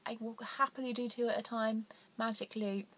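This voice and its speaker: A young woman hosts a casual knitting vlog, rambling and poking fun at herself, her voice sometimes sinking to almost a whisper. She speaks a little high and a little fast in a steady tone, with slight background noise behind her.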